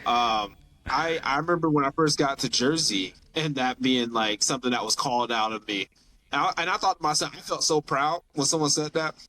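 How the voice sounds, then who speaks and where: A man's voice: medium pitch, a little fast, bright, forceful tone, slight background noise. A man from the Southern United States with a light Southern accent, chatting as a podcast guest and telling stories animatedly. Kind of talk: casual chat.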